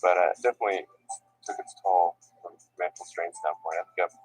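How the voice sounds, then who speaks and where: A man in an interview reflecting slowly on hard times, often halting and repeating his words as he restarts his sentences. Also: deep voice, fairly even intonation, husky, soft background music, rough recording. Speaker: interviewed entrepreneur.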